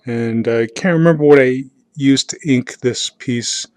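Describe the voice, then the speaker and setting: A man narrating a casual tour of his sketchbook in a rambling, hesitant way, with many fillers and self-deprecating chuckles, on a close mic in a quiet room. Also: mid-range voice, a little slow, no echo. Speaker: artist showing his sketchbook.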